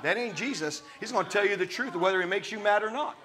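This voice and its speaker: A man's voice: sits high, fast, a bit bright. A man preaching a sermon, reading scripture aloud and breaking off into emphatic, conversational asides to his listeners.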